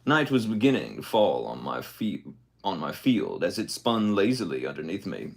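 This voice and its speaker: Male reader, deep gravelly voice with a lively, swinging delivery; casual read-aloud with joking asides. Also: moderate pace. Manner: reads aloud, then breaks off with joking comments. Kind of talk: casual book reading with asides.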